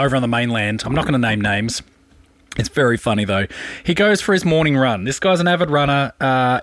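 An Australian man at mid pitch tells a rambling story on breakfast radio, casual and full of fillers. The sound is dry and close, straight into a studio mic. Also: a bit bright, no room sound. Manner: chatty, rambling anecdote with fillers.

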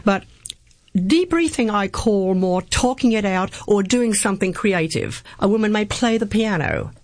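A woman with a medium-pitched voice and lively intonation talks at an unhurried pace in a dry recording. She's an interview guest giving a personal testimony, earnestly recounting her faith journey and citing scripture.

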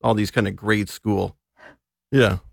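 A man's voice: fairly low pitch, steady tone, measured pace, gravelly, no echo, clean studio sound. A man reviewing movies and chatting casually on a radio show, laughing often as he talks. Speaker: entertainment reviewer. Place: radio studio.

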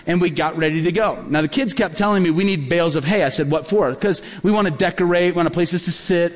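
Pastor guy with a high voice telling stories in a sermon, big hall echo on it. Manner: animated, acts out dialogue in his stories. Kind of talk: sermon storytelling. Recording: long hall reverb.

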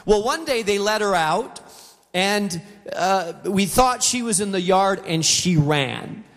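In a large auditorium with long hall reverb, a middle-aged pastor delivers a sermon built around a story. He voices the people in it himself. His voice is high-pitched, animated and a bit bright, with a slow pace.

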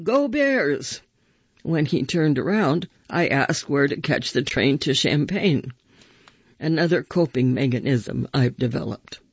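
A man reading first-person stories aloud with measured, expressive storytelling. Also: mid-range voice, vocal fry, slightly rough, no echo, dull audio.

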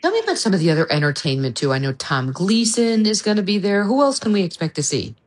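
A woman's voice: mid-range voice, very animated, fast. A woman hosting a radio interview, effusive and chatty with her guest. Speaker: radio talk show host.

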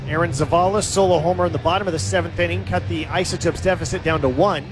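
A man calling live baseball play-by-play as the team's announcer, giving steady, stat-heavy recaps of the game. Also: a little high, quick pace, music in the background.

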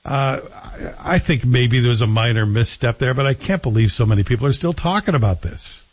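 A man hosting a radio talk show, chatty and jokey, telling stories with animated pacing. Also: mid-range voice, fairly quick, highs cut off.

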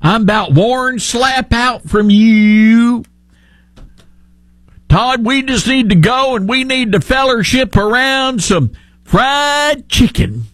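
A man voicing a folksy male Southern politician with a slow, sing-song, put-on Southern drawl, higher than his own voice. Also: expressive, a bit bright, dry recording, full character voice. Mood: mock-folksy.

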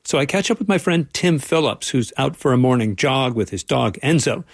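Gravelly dry-voiced male reporter. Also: mid-range voice, lively intonation, moderate pace, dry recording. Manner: wry, playful. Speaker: correspondent. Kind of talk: radio feature narration.

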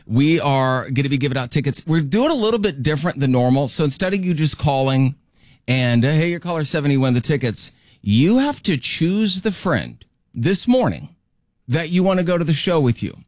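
A man's voice: fairly high pitch, very animated, normal speed, a little mellow, no room sound, clean studio sound. A man hosting a morning radio show in casual chat, joking and explaining contest rules. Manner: jokey, chatty, explaining rules.

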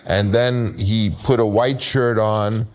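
Older man telling an animated story. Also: takes it slowly. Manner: acts out other people's voices, jumping high for quotes. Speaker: film director telling an anecdote.

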